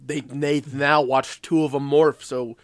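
A man's voice: mid-range voice, level tone, no room sound. A man co-hosting a casual podcast chat, laid-back, quoting lines from an episode as he recaps it. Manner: laid-back, quick asides and quoted lines. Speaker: podcast co-host.

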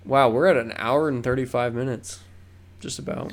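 A man's voice: mid-range voice, fairly even intonation, moderate pace. A young man co-hosting a podcast in casual chat, rambling and swearing with lots of fillers and restarts. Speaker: podcast co-host.

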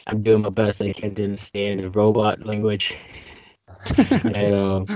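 A man's voice: lowish voice, monotone, moderate pace, a little mellow, no room sound. A man talks loosely as a podcast guest, piling on fillers as his thoughts wander. His voice comes through dry and close, and the internet call makes it sound muffled and lo-fi. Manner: rambling, heavy on fillers. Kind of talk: casual chat over a call.

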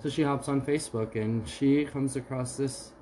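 A man's voice: medium pitch, steady tone, moderate pace, warm tone, slight background noise, poor audio. A man co-hosting a podcast who chats casually and spins joking made-up stories. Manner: joking, improvises mock stories. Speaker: podcast co-host. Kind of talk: casual chat.

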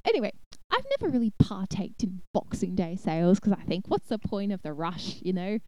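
A woman's voice: mid-range voice, big pitch swings, brisk, darkish tone, no room sound. A young woman co-hosting a podcast, chatting casually with lots of giggles and "like". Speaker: podcast co-host.

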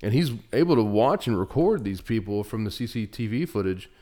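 Young guy with a really low voice rambling thru a podcast chat, lots of um and uh. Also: expressive, fairly quick, mellow. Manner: rambling, many fillers and restarts. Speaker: podcast co-host. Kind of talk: casual chat.

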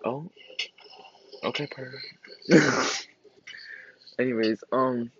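A man casually reacting to an album, excitable and gushing, laughing often between thoughts. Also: medium pitch, very slow, slightly rough, dull audio. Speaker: music reaction vlogger.

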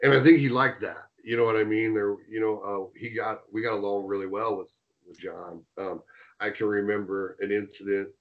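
Male interview guest, low voice, animated storyteller who swears freely; dull, lo-fi sound. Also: brisk. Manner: animated, swears, acts out quotes. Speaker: interview guest, former wrestler. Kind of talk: casual storytelling.

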